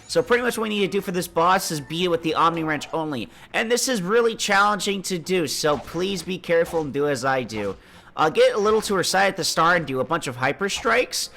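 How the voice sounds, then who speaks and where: A man's voice: fairly high pitch, pushed and bright. A man with a congested voice, casually talking through a video game as he plays and explaining each step. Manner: laid-back, chatty, explains as he plays. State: congested, under the weather. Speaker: gameplay commentator. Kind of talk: casual let's-play commentary.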